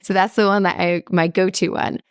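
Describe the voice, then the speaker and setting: A woman's voice: fairly low pitch, brisk, clear, resonant tone, no room sound, studio quality. A woman hosting a podcast, talking casually and chattily with lots of "like" and "right?". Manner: chatty, lively, frequent "like" and "right?". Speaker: podcast host. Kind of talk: casual solo podcast talk.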